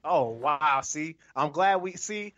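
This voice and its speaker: A man's voice: a little high, expressive, slow pace, sharp tone, muffled recording, a little hiss or hum. A man co-hosting a podcast in casual chat, asking curious questions and joking. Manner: curious, asks questions, jokes. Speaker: podcast co-host.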